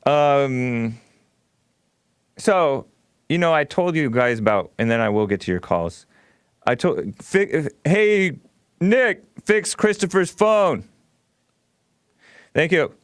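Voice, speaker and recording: A man's voice: a little high, big pitch swings, takes it slowly, pauses often, clear, resonant tone, no echo, clean studio sound. A man hosting a call-in radio talk show, blunt and provocative, often laughing as he argues with callers.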